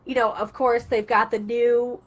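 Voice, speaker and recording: A woman hosts an online talk radio show, chatting casually and acting out little stories with quoted voices. Her pitch is fairly high and she speaks unhurriedly, animated and chatty throughout.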